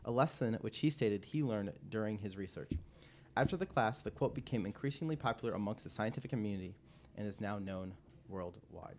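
A man's voice: on the low side, a little fast, darkish tone. Laughing man telling trivia story. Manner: laughs often, stumbles and restarts. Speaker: podcast co-host.

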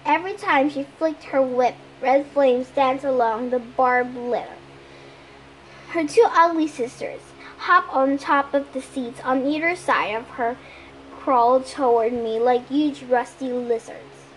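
Woman reader for a fan audiobook chapter; high voice, lively delivery, faint hiss behind. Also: measured pace, low-quality recording. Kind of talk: reading a novel aloud.

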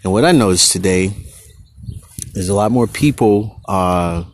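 A man hosting his own podcast, talking casually and rambling into tangents with a husky voice and slangy manner. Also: fairly low pitch, a little slow, a little hiss or hum. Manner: goes on tangents, restarts, slangy. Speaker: podcast host.

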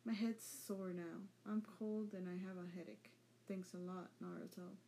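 A woman's voice: fairly low pitch, steady tone, measured pace, dark tone, slight background noise. A woman reading aloud and voicing a grumpy, grumbling young boy from a fan story. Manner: grumbling, sarcastic.

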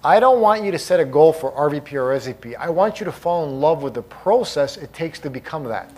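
A man quoting his calm male mentor, giving measured, low-key advice in a quieter and lower voice. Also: lightly acted.

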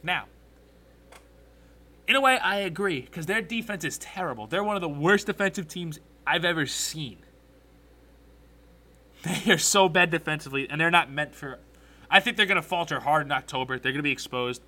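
A young man hosting a solo sports podcast, ranting with strong opinions, getting excited and correcting himself as he goes. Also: a little high, normal speed, pauses often.

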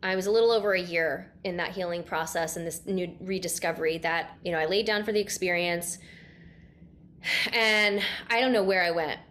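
A woman guest telling a lively personal story in a casual interview, often laughing and acting out what she said at the time. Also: lowish voice, normal speed. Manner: animated, laughing, acts out her own past lines. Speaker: guest, sound healing practitioner.

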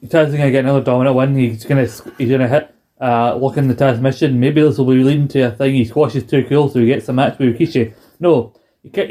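A man's voice: mid-range voice, warm tone. A man co-hosting a casual podcast, rambling playfully through a wrestling recap and acting out lines. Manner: rambling, playful, acts out quotes. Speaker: podcast co-host.

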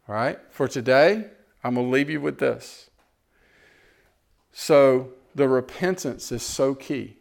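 A man preaching a sermon, swinging between loud exhortation and quiet storytelling. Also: mid-range voice, vocal fry. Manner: animated, rising to loud exhortation and dropping to quiet, tender storytelling.

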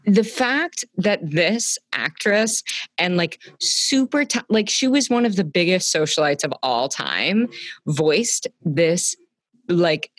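A woman's voice: on the low side, lively intonation, no echo. A woman co-hosting a podcast in casual chat, gushing and swearing freely as she riffs. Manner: gushing, profane, fast-riffing. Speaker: podcast co-host.

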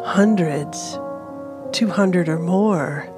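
A woman playing a stunned male elf who mumbles in despair, low and slow. It sounds like an audiobook, with loud fantasy music running beneath. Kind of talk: audiobook character voice.

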